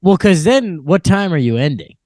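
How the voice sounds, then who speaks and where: A man's voice: high-pitched, sing-song, normal speed, a little mellow, no room sound, studio quality. A man co-hosting a comedy podcast, playful and goofy, trading puns and laughing often. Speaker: podcast co-host. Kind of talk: casual comedy chat.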